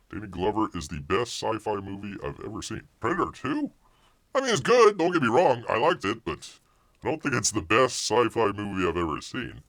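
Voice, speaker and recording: A man's voice: on the low side, a bit bright. A man hosting a live stream, chatting casually, reading viewer comments aloud and rambling with repeated phrases. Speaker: live show host.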